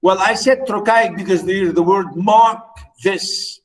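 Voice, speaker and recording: A male lecturer talks through poetry slowly and haltingly, full of fillers and restarts. His voice sits a little high for a man. He keeps checking whether his students are following. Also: rough recording. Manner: hesitant, many fillers and restarts.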